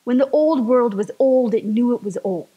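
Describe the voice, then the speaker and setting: A woman's voice: a little high, moderate pace, mellow, muffled recording. A woman giving a chatty, enthusiastic sermon-style talk to a spiritual community gathering.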